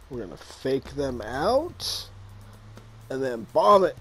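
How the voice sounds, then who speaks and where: A man in his thirties commentating his own football video game, swinging from muttered asides to loud, exasperated, swearing outbursts. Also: mid-range voice, very animated, takes it slowly, soft background music. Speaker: gaming YouTuber playing a football video game. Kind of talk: casual live gameplay commentary.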